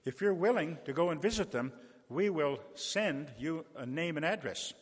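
A man's voice: a little high, animated, moderate pace, husky. A man preaching as a visiting pastor, making a folksy fundraising appeal to a church congregation with little stories and direct requests. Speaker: visiting preacher raising funds. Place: church sanctuary. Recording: long church reverb.

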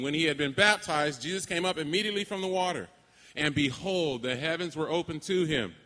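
Man, sermon to graduates, emphatic, fairly high voice, long hall reverb. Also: sharp tone. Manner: emphatic, dramatic pauses, call-and-response. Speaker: preacher addressing graduates.

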